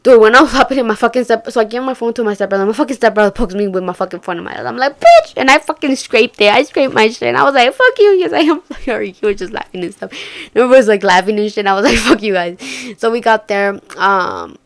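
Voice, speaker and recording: Animated young woman storyteller. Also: fairly high pitch, fast. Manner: animated, swearing, slangy, shifting between loud outbursts and hushed murmurs. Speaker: vlogger. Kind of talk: casual storytime.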